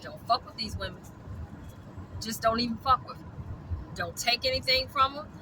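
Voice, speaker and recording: A woman from rants straight to camera, blunt and profane. Her voice is sharp and very bright, pitched a little high. Faint street noise hums behind her. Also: moderate pace, rough recording. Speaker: dog rescuer. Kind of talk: angry ranting vlog.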